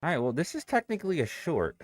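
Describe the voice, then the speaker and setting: Talking fast in a slightly high voice with big swings in pitch, this young day-trading streamer keeps things casual and profane. He muses out loud while reading comments from viewers.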